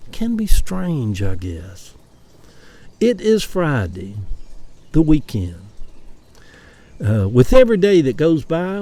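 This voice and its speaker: A man's voice: medium pitch, dark tone. A man from Atlanta with a Southern US accent, talking in a chatty, opinionated monologue with wry rants. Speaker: vlogger. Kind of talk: casual personal monologue.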